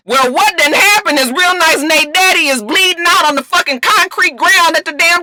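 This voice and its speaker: Bright, excitable woman recapping TV. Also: sits high, normal speed, few pauses. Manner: emphatic, exclaiming, drawls some words. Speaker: TV recap vlogger. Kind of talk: casual TV episode recap.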